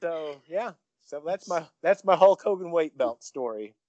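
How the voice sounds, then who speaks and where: A man, a professional wrestler, telling a story in an interview, rambling excitedly with many restarts. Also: a little high, unhurried, no echo, muffled recording.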